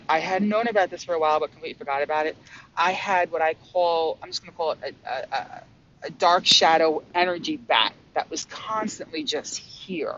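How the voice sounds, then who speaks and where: Brief: man with a slightly raised voice, rambling and excitable, swearing and restarting mid-sentence; dull recording with a faint hum underneath. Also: fairly high pitch. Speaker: spiritual vlogger. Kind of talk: casual monologue about spiritual experiences.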